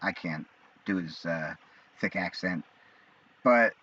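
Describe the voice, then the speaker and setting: A man in his forties talking casually on his own, rambling and halting with many fillers and restarts. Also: sits low, sharp tone. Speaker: vlogger. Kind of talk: casual monologue. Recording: dull lo-fi sound.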